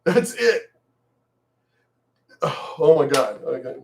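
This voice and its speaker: A man in a profane, mocking political rant, repeating himself and shouting mock cheers. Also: on the high side, big pitch swings, drawn-out words, gravelly, slight background noise. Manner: angry, profane, repetitive, mocking. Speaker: video commentator.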